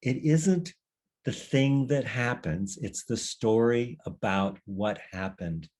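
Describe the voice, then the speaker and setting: A man's voice: mid-range voice, slow pace, darkish tone. A man leading a workshop session in a reflective, conversational teaching style, meandering and often restarting his sentences. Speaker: workshop leader.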